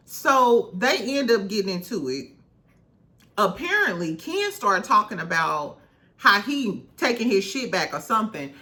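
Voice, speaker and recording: A woman's voice: mid-range voice, pushed and bright. A woman recapping a reality show in casual chat, candid and swearing freely, laughing often.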